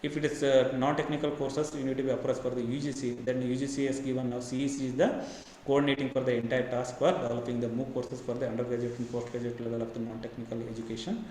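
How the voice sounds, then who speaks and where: Fast-talking Indian man in a very echoey room. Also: mid-range voice, little pitch movement, warm tone. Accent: Indian English. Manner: rapid, halting delivery with many fillers and repeated "then again". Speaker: university professor giving a webinar lecture. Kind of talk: online lecture. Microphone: webinar computer mic. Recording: very echoey room, faint background hiss.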